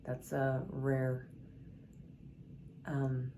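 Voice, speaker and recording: A woman's voice: very deep voice, monotone, drawn-out words, gravelly, noisy background. A middle-aged woman sharing personal stories alongside scripture, earnest and candid, with many fillers and restarts. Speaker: scripture storyteller. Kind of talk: personal devotional storytelling.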